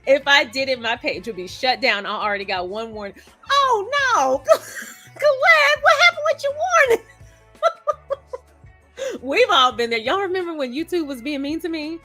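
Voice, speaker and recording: Very animated, this live stream host speaks in a high, bright, forceful voice at a moderate pace, with faint music behind her. She casually reads viewer comments, laughs a lot and greets viewers by name.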